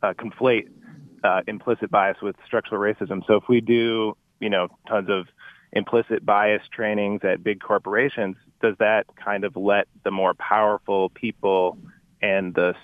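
A man's voice: on the low side, flat delivery, normal speed, no echo. A man calling into a radio show to ask a question, talking hesitantly with many fillers. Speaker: caller. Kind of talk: call-in question. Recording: tinny phone line.

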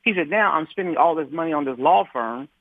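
Husky man on a tinny phone line. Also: on the high side, lively intonation, fast, no room sound. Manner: repeats words and restarts often, acts out quoted dialogue. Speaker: civil rights activist guest. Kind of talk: conversational storytelling.

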